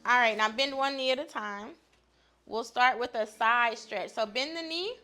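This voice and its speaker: This stretching class is guided by a female fitness instructor whose voice sits on the high side, with a sharp tone and normal speed. Soft music plays behind her upbeat, chatty delivery, which is often broken by laughter.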